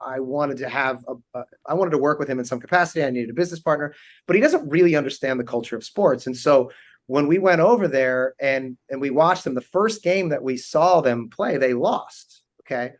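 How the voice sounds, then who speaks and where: A man in his forties, a guest on a talk show, telling animated funny stories and laughing often. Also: medium pitch, fairly quick. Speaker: guest, actor and team owner. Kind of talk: casual interview storytelling.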